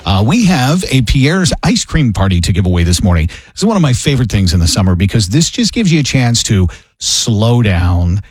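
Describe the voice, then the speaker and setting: A man hosting morning radio with a husky edge to his voice and a pitch that swings up and down freely. He chats casually and self-deprecatingly, stumbling now and then. The studio sound is close and dry. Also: moderate pace, no room sound. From Wayne County. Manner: self-deprecating, animated, stumbles over words. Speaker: radio host. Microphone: studio microphone.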